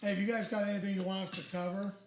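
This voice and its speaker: A man's voice: high voice, little pitch movement, rapid-fire, a little hiss or hum. A man co-hosting a podcast in loose, profane casual chat, often laughing. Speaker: podcast co-host.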